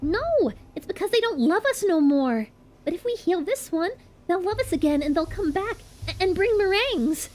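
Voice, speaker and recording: Brief: earnest small child, very high and lively, put on by a woman streamer. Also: moderate pace.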